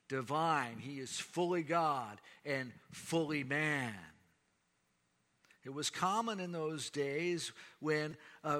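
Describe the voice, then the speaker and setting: A man preaching a sermon, measured and rising to emphatic declarations. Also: medium pitch, a bit bright. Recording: long hall reverb.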